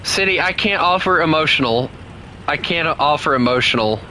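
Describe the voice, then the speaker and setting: Lively man streaming games. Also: fairly high pitch, normal speed, a little hiss or hum, poor audio. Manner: chatty, laughs often, talks to chat and teammates. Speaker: gaming streamer. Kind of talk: casual live gameplay chat.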